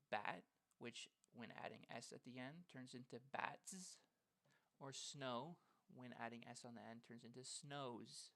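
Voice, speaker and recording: A man's voice: medium pitch, moderate pace, fairly bright tone. A man presenting a phonics lesson plan in a casual, explanatory way, with frequent ums, over a screen recording.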